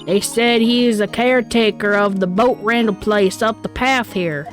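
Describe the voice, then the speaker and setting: A woman's voice: medium pitch, moderate pace, faint music behind, natural voice. A woman doing a folksy southern gal with a drawl. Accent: put-on American Southern. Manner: folksy drawl, self-admittedly shaky. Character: cheerful southern woman photographer, friendly.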